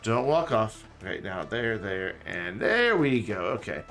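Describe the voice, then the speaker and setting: A man live-streaming a building game, chatting in a rambling, easygoing way. His pitch swings a lot as he talks. Music plays clearly under his voice. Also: sing-song, unhurried, fairly bright tone. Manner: chatty, rambling, reads chat aloud. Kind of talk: casual live-stream chat while gaming. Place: home room with background music. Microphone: desk mic and webcam.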